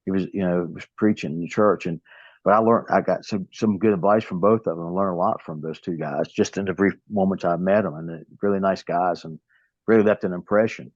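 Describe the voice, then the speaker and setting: Low-voiced man with a Southern drawl. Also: fairly quick, no room sound. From American South. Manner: rambling storytelling with many restarts. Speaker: guest, pro wrestler. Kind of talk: casual interview talk. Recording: dull lo-fi, dry sound.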